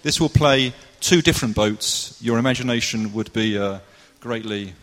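A man's voice: medium pitch, normal speed, a bit bright. A man cheerfully hosting a live drama presentation, playfully organizing the cast. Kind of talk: casual stage hosting. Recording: echoey hall.

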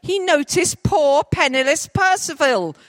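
A woman telling a story to a group, directing volunteers as they act it out, with lively, jokey asides. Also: high voice, a little slow, dry recording. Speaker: children's storyteller.

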